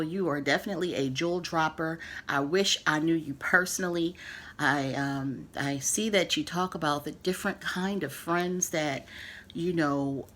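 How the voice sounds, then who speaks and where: A woman's voice: sits low, fairly bright tone, a little hiss or hum. A woman from the United States talking casually to the camera, earnest and emphatic with sassy asides. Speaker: vlogger giving book feedback. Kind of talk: casual direct-to-camera address.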